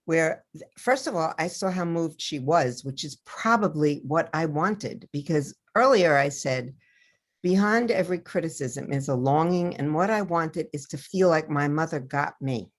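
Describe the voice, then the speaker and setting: An older woman with a low voice tells personal stories as an interviewed author. She tells them in a lively way and acts out the voices of the people she quotes. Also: unhurried. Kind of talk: storytelling interview over video.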